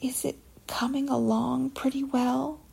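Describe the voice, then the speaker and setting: A woman voicing a timid, anxious young male pig in a whispered role-play with a soft whisper. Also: sits high, level tone, a little slow, creaky, breathy edge, full character voice.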